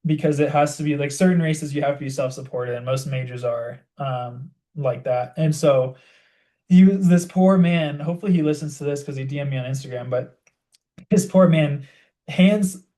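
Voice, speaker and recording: A young man in easy podcast chat who tells his story with lots of energy and fills nearly every phrase with "like." His voice sits a little high but sounds mellow and relaxed. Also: moderate pace. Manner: animated storytelling, heavy use of "like". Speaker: podcast co-host. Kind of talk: casual chat.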